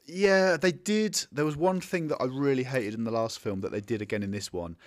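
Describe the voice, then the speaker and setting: A man's voice: mid-range voice, fairly quick. A man in a casual film chat, blunt and sarcastic, swearing freely.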